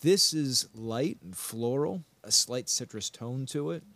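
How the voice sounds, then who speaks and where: A man hosting a casual podcast, relaxed and easygoing, often laughing as he chats. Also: medium pitch, a little slow. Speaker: podcast host.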